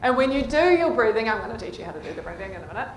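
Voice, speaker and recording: A woman's voice: on the high side, very animated, racing, echoey room, a little hiss or hum, rough recording. A woman, a clinician, giving a conference presentation and often checking in with the audience. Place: conference hall.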